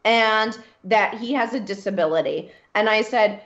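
A woman's voice: medium pitch, moderate pace, few pauses, a bit bright. A woman guest in an interview, telling a personal story in a candid, emphatic way and repeating phrases for stress. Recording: roomy, dull lo-fi sound.

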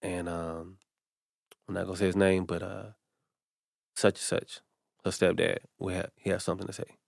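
Guy with a lowish voice telling a story on a podcast, acts out what everyone said, dry close sound. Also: moderate pace, gravelly, no room sound. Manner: animated storyteller acting out quotes. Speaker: comedian guest. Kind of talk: casual storytelling.

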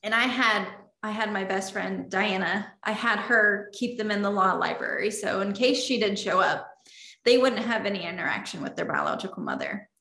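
A woman's voice: medium pitch, big pitch swings, moderate pace, creaky, bright, forceful tone. A woman telling a personal story in an interview, earnest and openly emotional. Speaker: interview guest. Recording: roomy echo.

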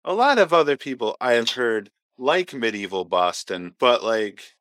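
A man's voice: mid-range voice, very animated, moderate pace, a bit bright, no room sound. A man co-hosting a casual podcast, laid-back and jokey, who swears casually. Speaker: podcast co-host. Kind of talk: casual chat.

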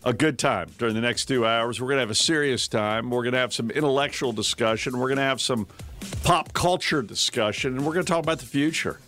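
A man hosting a talk radio show, speaking in an animated way with repeated phrases and joking with his co-host. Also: medium pitch, fairly quick, soft background music.

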